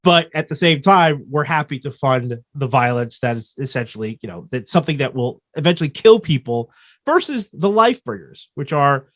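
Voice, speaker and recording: Male podcast co-host, lively swinging pitch, rambling casual talk, dry close sound. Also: moderate pace, dry recording. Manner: animated, rambling, restarts thoughts. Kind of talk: casual chat.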